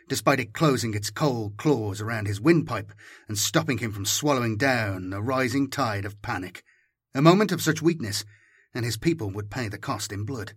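A man's voice: medium pitch, slightly rough, dry recording. A man doing dramatic scripted audiobook narration on a close mic. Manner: dramatic, animated storytelling.

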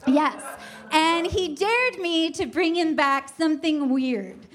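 Woman storyteller, high voice, unhurried delivery, wry and self-mocking. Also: lively intonation. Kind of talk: first-person comic storytelling.

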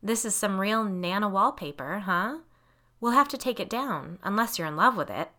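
A woman's voice: a little high, expressive, brisk, bright, forceful tone, voice pushed up. A woman voicing an anxious mother in an audiobook, keeping her tone forcibly light and cheerful. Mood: forced cheer. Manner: forced cheer.

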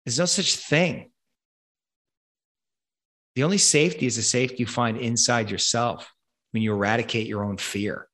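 A man's voice: medium pitch, fairly quick, fairly bright tone. A man hosting a conversation, ranting angrily and emphatically with lots of swearing. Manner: profane, angry, emphatic ranting. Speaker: podcast host.

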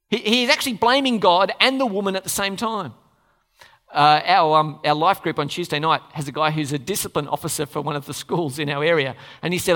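A preacher delivering a sermon in an expressive way, acting out the characters of the scripture story. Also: mid-range voice, fairly quick. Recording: long reverb of a large hall.

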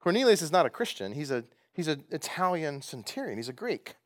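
A man's voice: a little high, brisk. Guy pastor doing bible study, talks casual and jokey, voice jumps all over. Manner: lively, conversational asides with light humor. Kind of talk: prayer and Bible teaching. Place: room with groups at tables.

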